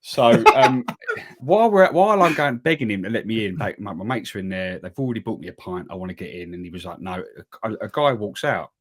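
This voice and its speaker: A husky, animated man, a podcast co-host, tells a story in casual chat at a fairly quick clip. He acts out quotes with big jumps in pitch.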